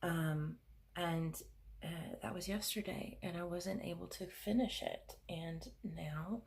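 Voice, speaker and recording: A middle-aged woman giving a pick-a-card tarot reading at her desk at home, speaking gently and emotionally, with soothing pauses. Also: fairly low pitch, creaky.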